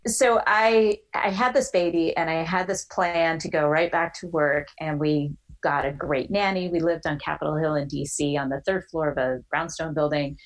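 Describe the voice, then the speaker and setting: A woman in her forties telling a personal story as a podcast guest, animated and quick to act out the voices of others. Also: low-pitched, rough recording.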